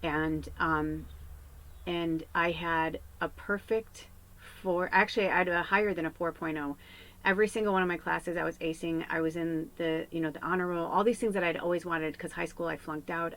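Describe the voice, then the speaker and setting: A woman's voice: deep voice, fairly even intonation, moderate pace, a bit bright, poor audio. A woman psychic medium telling a personal story in a casual, rambling way, swearing freely.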